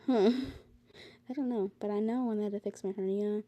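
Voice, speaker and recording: A teenage girl vlogs casually to her phone camera, sounding tired and rambling with plenty of fillers, now and then ranting in exasperation. Her voice is mid-range and warm, with fairly even intonation and a moderate pace. The audio is dull, with slight background noise.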